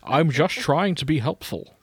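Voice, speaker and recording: A man's voice: on the high side, lively intonation, moderate pace. A man reading the part of a kindly older male steam engine in a comedy fan-fiction reading. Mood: patient. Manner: soothing, patient.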